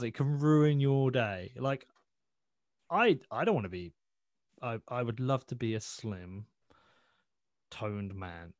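A man's voice: mid-range voice, no echo, studio quality. A man talking as a podcast guest in a blunt, sweary, rambling way, often restarting his sentences. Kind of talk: casual interview chat.

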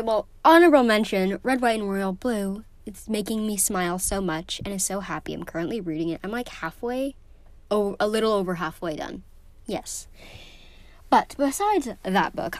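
A woman's voice: mid-range voice, no echo. Teen girl vlogger, emotional and effusive, filler-heavy casual delivery, mid-range voice, dry close recording. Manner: gushing and emotional, many fillers. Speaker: book vlogger. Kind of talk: casual vlog chat.

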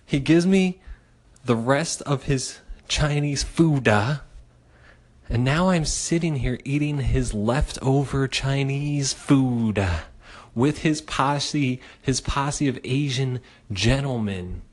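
Animated, profane male storyteller. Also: medium pitch, slow. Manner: animated and profane, with frequent fillers. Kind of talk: casual personal storytelling.

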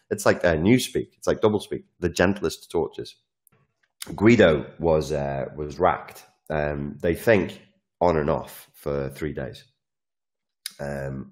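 A man with a very deep voice talks through a casual, animated monologue. He swears freely, jumps between asides, and slips into little performances of the lines he quotes.

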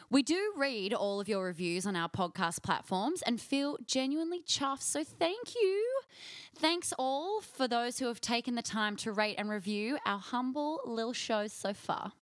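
An Australian woman co-hosts a podcast in upbeat, casual chat. Her voice sits fairly high. The sound is dry and close. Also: no echo. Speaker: podcast co-host.

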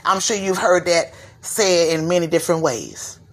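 A woman from Florida hosting her own podcast, giving a slangy, animated commentary rant and slipping into mimicry of others. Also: lowish voice, moderate pace. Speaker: podcast host. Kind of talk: ranting commentary monologue.

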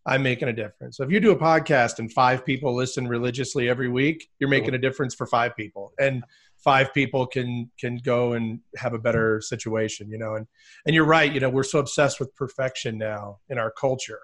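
A man's voice: medium pitch, fairly even intonation, brisk, a bit bright. A man who is a guest on a podcast, talking casually and emphatically, often posing rhetorical questions. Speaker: podcast guest, speaker and author. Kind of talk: casual interview chat.

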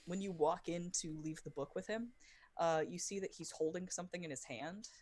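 Low-voiced woman running a tabletop game. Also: darkish tone. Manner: halting, many fillers and restarts. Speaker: game master.

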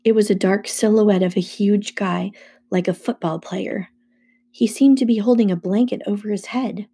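Woman reading a novel out loud, mellow dark gravelly voice. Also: mid-range voice, normal speed. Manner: steady first-person storytelling. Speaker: narrator. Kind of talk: audiobook reading.

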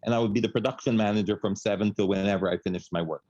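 A man from the Philippines, a radio host, telling a story in casual chat, animated and laughing, with Filipino words mixed in. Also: on the low side, rapid-fire, dull audio.

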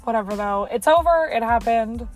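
A woman's voice: fairly high pitch, lively intonation, soft background music. A young woman in her car telling a story to her phone in a chatty vlog, with lots of "like". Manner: chatty, fast, heavy use of "like". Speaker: vlogger.

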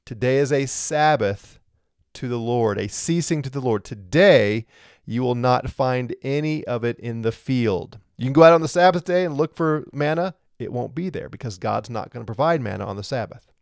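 Male Bible teacher, rhetorical questions, slight cough, mid-pitched, dry close sound. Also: lively intonation, moderate pace, gravelly, no echo. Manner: explains step by step, asks rhetorical questions. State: has a lingering cough.

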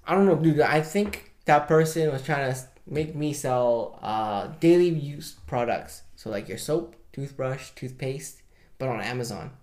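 Brief: laid-back male co-host, wry and chatty, mid-pitched voice. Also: measured pace. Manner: relaxed, wry, laughs at his own jokes. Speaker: podcast co-host. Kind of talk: casual chat.

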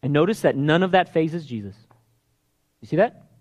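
A man's voice: a little high, expressive, normal speed, a little mellow. A man preaching a sermon, telling a story with energy and acting out the characters' voices. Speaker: pastor.

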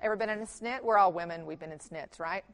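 A middle-aged woman giving a conference workshop talk, telling family stories with humor and lively emphasis. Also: mid-range voice, fast talker. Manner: animated storytelling with humor, mixes in quoted voices. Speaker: conference speaker.

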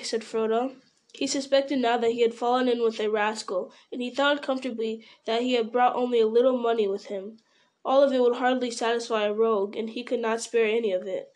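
A woman reads a fantasy novel aloud in a steady, even storytelling way. Her voice sits slightly high for a woman. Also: normal speed. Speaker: audiobook reader. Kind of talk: storybook narration.

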